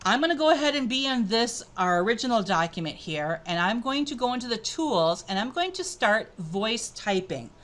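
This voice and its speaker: A woman presenting an upbeat, chatty software tutorial as she clicks through a screencast. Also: fairly high pitch, sing-song, moderate pace, few pauses. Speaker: edtech presenter.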